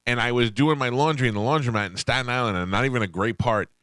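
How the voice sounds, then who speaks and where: A middle-aged man hosting a radio show, telling quick anecdotes in casual studio chat and acting out the voices of the people in his stories. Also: medium pitch, a bit bright, dry recording. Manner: rapid anecdotes, acts out quoted voices.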